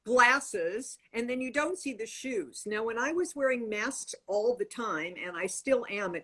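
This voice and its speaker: A woman's voice: fairly high pitch, animated, a little slow, fairly bright tone, husky. A middle-aged woman hosting a show, chatting casually and demonstrating accessories as she talks. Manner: chatty, demonstrative, talks while showing items. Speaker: show host. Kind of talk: casual conversational style demonstration.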